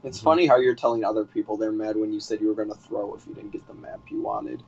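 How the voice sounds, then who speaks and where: A man's voice: lowish voice, sing-song, quick pace, vocal fry, darkish tone, slight background noise. Exasperated gamer man, muffled chat. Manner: annoyed and exasperated. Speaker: teammate in an online shooter. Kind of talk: in-game voice chat.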